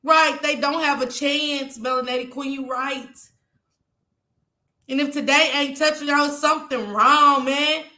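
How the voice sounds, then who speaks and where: High, bright, tearful woman vlogger. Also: fairly even intonation, measured pace, roomy sound. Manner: impassioned, preachy, reads out chat comments. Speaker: YouTube vlogger. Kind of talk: emotional livestream talk to viewers.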